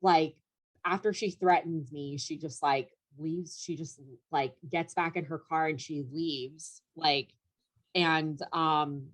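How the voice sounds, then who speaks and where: A woman's voice: deep voice, fairly even intonation, takes it slowly. A young woman, a comedian guest, telling a story in casual chat, rambling with lots of fillers and laughing through it.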